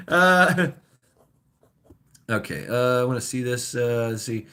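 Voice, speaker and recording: A man's voice: medium pitch, a little slow, bright, forceful tone. A man hosting a casual livestream, rambling through opinions with stammered restarts and crude swearing while reacting to his chat. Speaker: livestream host.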